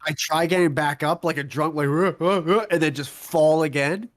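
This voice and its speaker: Animated young man telling a story. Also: fairly high pitch, a little fast, no room sound, studio quality. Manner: animated storyteller acting out quotes, swearing. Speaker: podcast co-host. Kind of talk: casual storytelling chat.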